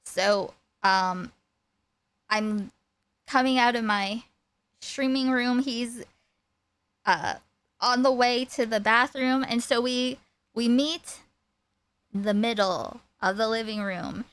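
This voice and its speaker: A woman streamer telling a personal story in a rambling, animated way. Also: fairly high pitch, slow, long pauses, clean tone, dry recording. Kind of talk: casual storytime chat.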